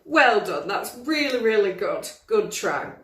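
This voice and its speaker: A woman's voice: mid-range voice, very animated, unhurried, fairly bright tone, far from the mic. A young woman teaching a drama lesson to pupils on video, encouraging them and demonstrating different voices. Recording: roomy, from the mic.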